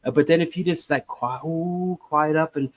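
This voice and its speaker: A man co-hosts a casual podcast in a somewhat high voice. He rambles and bounces between thoughts, acting out small scenes along the way. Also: moderate pace, rough recording. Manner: animated, rambling storyteller who acts out little scenes. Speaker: podcast co-host.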